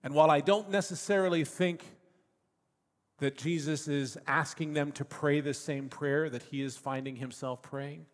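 A man's voice: a little high, steady tone, normal speed. A man, a father, preaching a reflective sermon that sometimes sinks to a near whisper. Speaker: pastor. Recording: long reverb of a hall.

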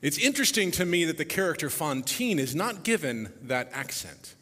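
A man giving a reflective public talk before a musical performance, animated, his voice dropping softly at the ends of phrases. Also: fairly high pitch, moderate pace, big-room sound. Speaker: speaker introducing a musical performance.

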